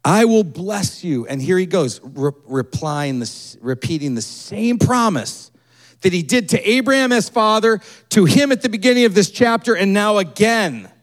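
A man preaching a sermon, retelling a story and acting out its people with quick changes in his voice. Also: sits high. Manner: animated, acts out the people in the story with quick shifts in voice. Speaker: pastor.

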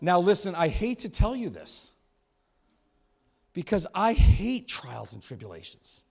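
A man preaching a sermon as a church pastor, animated, acting out voices and shouting at times. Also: high voice, unhurried, gravelly.

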